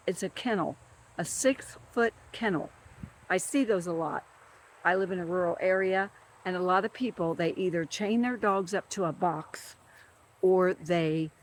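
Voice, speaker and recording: Emphatic person ranting about a scorching day. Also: mid-range voice. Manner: emphatic and repetitive, stressing words over and over. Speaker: government field worker. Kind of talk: upset ranting monologue.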